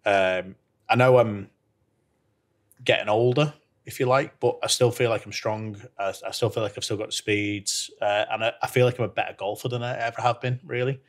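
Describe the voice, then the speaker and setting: A man's voice: fairly low pitch, steady tone, normal speed. A man, a professional golfer, telling an anecdote in a podcast chat, laughing as he acts out what others said. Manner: laughs through his stories, acts out quotes. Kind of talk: anecdotal storytelling.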